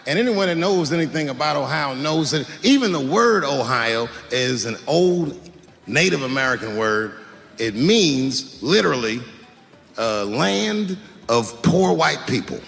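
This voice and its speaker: A male stand-up comedian telling stories on a handheld mic, swinging into loud acted-out outbursts, live in a large arena with the audience laughing. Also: on the high side, lively intonation, unhurried, vocal fry, big-room sound, soft background music. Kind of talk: stand-up routine. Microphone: handheld stage mic. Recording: live arena with roaring crowd.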